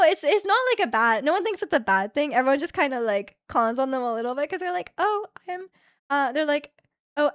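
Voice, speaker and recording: Chatty young woman streamer, high voice. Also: no room sound, studio quality. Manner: rambling, many fillers, acts out quoted people. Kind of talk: casual chat with live chat.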